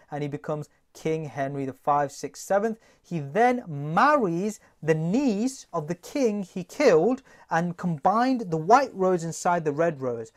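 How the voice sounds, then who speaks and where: A man teaching a recorded test-prep lesson, talking straight to his class in a lively, jokey way. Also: high voice.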